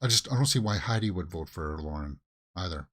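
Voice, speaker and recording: A man's voice: deep voice, animated, a little fast, fairly bright tone. A man hosting a watch-along reaction video, giving casual commentary that swings into exasperated rants with repeated questions.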